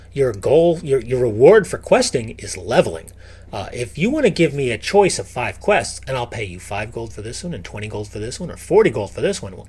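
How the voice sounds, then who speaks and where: Animated husky-voiced man. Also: medium pitch. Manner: animated, emphatic, with frequent restarts. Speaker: podcast guest. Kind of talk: casual podcast chat.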